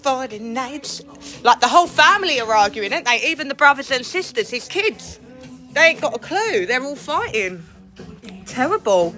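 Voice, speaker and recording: A middle-aged woman livestreams outdoors on her phone, chatting casually and gossiping with viewers while greeting them by name. Her voice sits high, with lively intonation, a sharp tone and normal speed. Soft music plays in the background.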